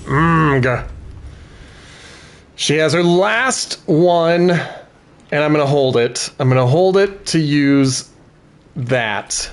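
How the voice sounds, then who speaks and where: A man's voice: a little high, expressive, takes it slowly, pauses often. A man giving let's-play commentary, thinking aloud about tactics and cheering on his party members. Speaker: gaming video host.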